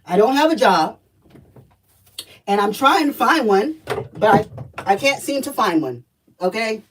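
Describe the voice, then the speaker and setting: A woman in her thirties tells her story in a casual vlog, blunt, profane and emphatic. Her voice sits a little high and sounds somewhat distant from the mic. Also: very animated, a little slow, a little hiss or hum. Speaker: spiritual energy reader.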